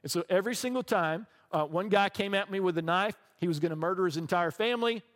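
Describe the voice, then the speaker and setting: Man, middle-aged, pastor, sermon, conversational storyteller, somewhat high voice, long hall echo. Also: quick pace, fairly bright tone. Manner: conversational storytelling, often checks in with "right?". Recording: long reverb from a large hall.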